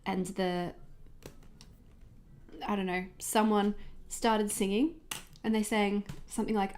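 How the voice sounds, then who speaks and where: A woman in her thirties talks in a loose, chatty way as she works at her desk, often wandering off onto side topics. Her voice sits at an ordinary middle pitch. A faint hiss sits under the recording. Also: steady tone, slow, darkish tone. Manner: chatty, rambling, easily sidetracked. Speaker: journal livestreamer. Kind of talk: casual chat while crafting.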